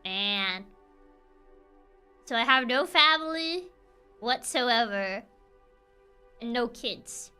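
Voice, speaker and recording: Young female game streamer with a high, animated voice. Playful, giggly, and teasing, with quick stumbles and restarts. Some music underneath. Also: smooth. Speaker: gaming streamer. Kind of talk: playful gaming stream commentary.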